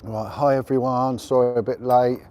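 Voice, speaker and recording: A middle-aged man hosts a casual livestream on a windy rooftop outdoors, rambling chattily and offering blunt opinions. His medium-pitched voice is mellow, with a flat delivery at normal speed.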